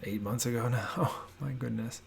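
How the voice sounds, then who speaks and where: A man narrates a house-tour voiceover from his home office, talking at an ordinary, middle pitch. His delivery is relaxed and rambling, with plenty of fillers and restarts. A gravelly fry runs through the voice. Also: moderate pace. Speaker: homebuilding vlogger.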